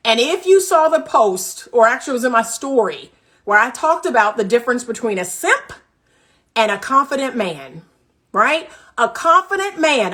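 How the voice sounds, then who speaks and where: A woman dating coach giving relationship advice in a vlog, emphatic and repetitive, with animated asides. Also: high-pitched.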